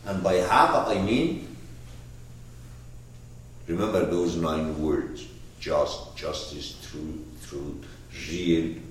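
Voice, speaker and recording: A man teaching a lecture on a classic poet's book, emphatic and animated, often restarting and repeating words. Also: low voice. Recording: echoey room from far off.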